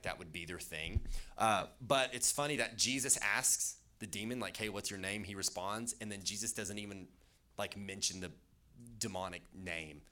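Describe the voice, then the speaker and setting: Man, casual preacher, bright voice, lively storytelling, lots of fillers. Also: sits low. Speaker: youth pastor. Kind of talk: casual sermon. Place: church hall with an audience.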